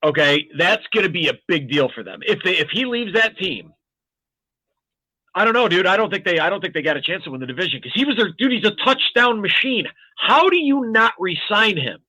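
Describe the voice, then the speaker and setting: Bright-voiced excitable man talking sports bets. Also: sits high, brisk, dry recording, rough recording. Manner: excitable, emphatic, swears casually. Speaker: co-host. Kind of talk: casual sports betting chat.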